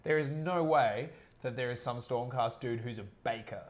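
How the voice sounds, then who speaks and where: A man hosting a laid-back livestream, talking in an animated, joking way and reading out viewer comments. His pitch sits in an ordinary middle range for a man. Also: normal speed. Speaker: livestream host. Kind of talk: casual chat on a livestream.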